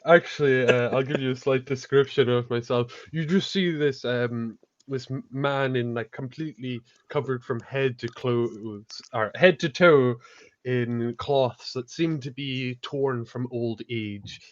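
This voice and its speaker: A man's voice: medium pitch, a little slow, dull audio. A man playing a tabletop game, describing his character loosely with fillers. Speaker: player. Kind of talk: casual tabletop game chat.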